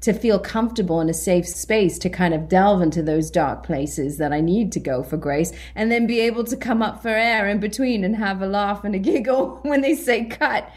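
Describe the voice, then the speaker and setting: A young British woman, an actor, chatting in an interview, excitable and self-deprecating, often laughing. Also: mid-range voice, normal speed, hardly any pauses. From Britain. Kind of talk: interview chat.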